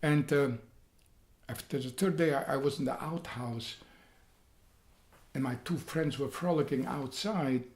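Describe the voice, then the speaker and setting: Elderly man recounting his past. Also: mid-range voice. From Poland. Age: 80s. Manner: halting, repeats words, gets loud and excited retelling. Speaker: interviewee. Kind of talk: personal storytelling. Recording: roomy echo.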